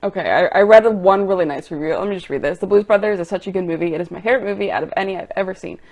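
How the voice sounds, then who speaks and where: Young female vlogger, exasperated ranter, talks to camera. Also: mid-range voice. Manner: exasperated, ranting, goes loud and quick when annoyed. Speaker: movie vlogger. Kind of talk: reacting to online reviews.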